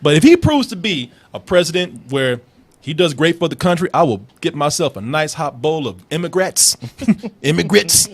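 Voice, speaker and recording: Brief: male comedy co-host, high, bouncy voice, laughs a lot, swears freely. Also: normal speed, breathy edge. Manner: loud, laughing, profane and animated. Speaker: show host. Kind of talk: comedic commentary chat.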